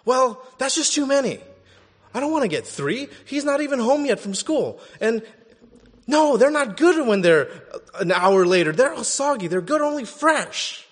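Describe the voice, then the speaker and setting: A man voicing a grumpy, short-tempered husband who yells and complains at his wife. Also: very high voice, big pitch swings, moderate pace, big-room sound, pitched above the performer's own voice, full character voice. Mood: irritated yelling. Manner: loud, impatient, complaining.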